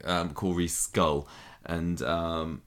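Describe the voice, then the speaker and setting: A man's voice: low-pitched, level tone, extremely slow, a bit bright. A man, co-hosting a podcast and chatting casually, laughing and acting out quotes as he recaps. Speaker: podcast co-host. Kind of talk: casual chat recapping a soap.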